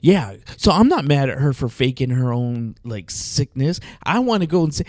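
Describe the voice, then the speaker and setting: A man hosting a podcast, telling comic stories in an animated, jokey way, with big swings in pitch and loudness. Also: normal speed, no echo, studio quality. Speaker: podcast host. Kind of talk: casual comedic chat.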